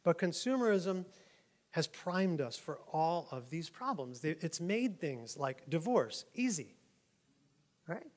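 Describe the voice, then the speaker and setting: A male pastor gives a loose, conversational sermon into a microphone in a church. His voice sits high for a man. He jokes a lot and keeps checking in with his listeners. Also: very animated, slow pace. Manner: chatty, joking, keeps asking "right?". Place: church sanctuary.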